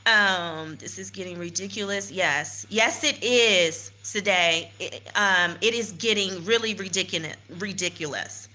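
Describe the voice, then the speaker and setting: A woman's voice: on the low side, a little slow, hardly any pauses, pushed and bright. An American woman telling her followers what happened, indignant and emphatic, repeating phrases to drive the point home, filming on a handheld phone. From United States. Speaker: vlogger. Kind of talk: personal vlog recounting events to followers. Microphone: handheld phone without stabilizer.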